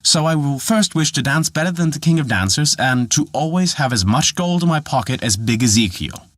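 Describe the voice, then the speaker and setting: Young charcoal burner, eager, discontented, lively voice, dry sound, played by a man. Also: on the high side, brisk, no room sound, pitched above the performer's own voice. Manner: eager, pleading.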